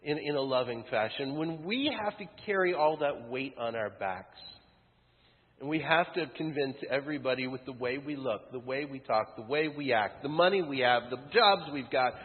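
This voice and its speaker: A man preaching a sermon as pastor, building to loud peaks and dropping to hushed lines. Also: medium pitch, animated, moderate pace. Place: church sanctuary. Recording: thin phone-like sound with long church reverb.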